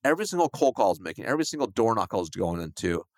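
A man telling a sales story in a lively, fast conversational way, acting out the voices of the people in it. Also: fairly low pitch, dry recording, clean studio sound. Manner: fast, animated, acts out quoted dialogue. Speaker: guest, sales coach.

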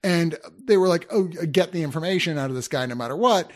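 A man co-hosting a relaxed movie podcast. His voice sits a little high for a man, and he rambles through plot summaries full of fillers. He teases his co-host as he goes. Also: brisk. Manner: laid-back, teasing, many fillers. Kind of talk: casual film review chat.

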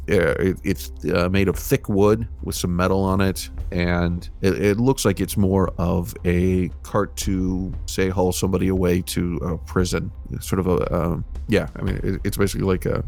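A man narrating as game master of a tabletop role-playing game, describing scenes in a relaxed, halting way. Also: deep voice, gravelly.

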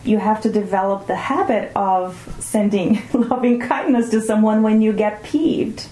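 A woman speaks as a mindfulness teacher in an interview, calm and reflective, slowing down on key words. Her voice is mellow and soft-edged. The room around her adds a noticeable echo. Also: mid-range voice. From Brazil. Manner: calm, reflective, often slows to stress words. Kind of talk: explanatory interview talk. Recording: roomy echo.

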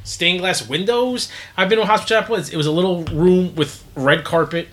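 A man's voice: sits high, brisk, a bit bright, a little hiss or hum. A man co-hosting a podcast, chatty and joking in casual conversation. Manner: chatty, jokey. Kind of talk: casual chat.

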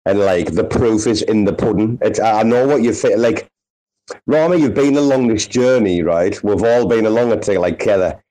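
A man's voice: lowish voice, moderate pace, warm tone, rough recording. Sunderland guy hosting a chat, swears constantly, all rowdy banter. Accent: Sunderland English. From northeast England. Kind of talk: casual chat.

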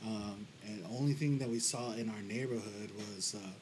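A man's voice: lowish voice, moderate pace, darkish tone, slight background noise, low-quality recording. A man from Las Vegas, a podcast guest, telling his life story earnestly and repeating himself as he goes. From Las Vegas, United States. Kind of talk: casual interview chat.

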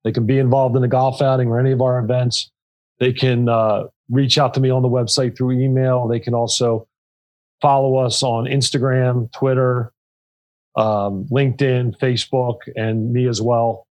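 A man's voice: medium pitch, flat delivery, moderate pace, a little mellow, low-quality recording. A middle-aged man, a nonprofit co-founder and chief executive, speaking earnestly in a podcast interview and telling stories with many restarts. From Pennsylvania.

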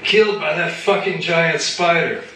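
Guy doing a drunk furious rich farmer yelling and swearing, pitched way up, roomy far-off sound. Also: fairly even intonation, unhurried, slight background noise. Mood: raging. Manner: bellowing, cursing. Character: drunk, furious rich male farm owner. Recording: echoey room from afar.

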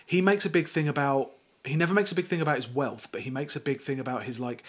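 A man's voice: mid-range voice, fast. A man hosting a podcast, talking in a wry, ranting way with lots of fillers. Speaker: podcast host. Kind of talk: casual chat.

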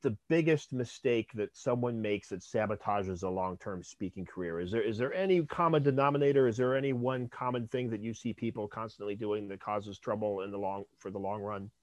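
A man's voice: lowish voice, brisk, hardly any pauses, darkish tone, dry recording. A man hosting a podcast interview, affirming and summing up his guest's points. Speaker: podcast host. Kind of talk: interview conversation.

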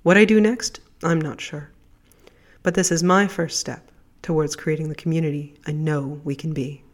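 A podcast host speaks with a stuffed-up, congested voice from a cold. The talk rambles along in a chatty, casual solo monologue, and the pitch sits in an ordinary middle range. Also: fairly even intonation, moderate pace.

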